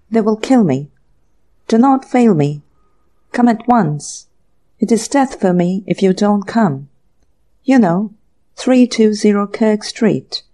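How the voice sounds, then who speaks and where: A woman voicing a foreign-accented young woman in danger, who speaks in a soft, caressing voice and pleads breathlessly. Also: mid-range voice.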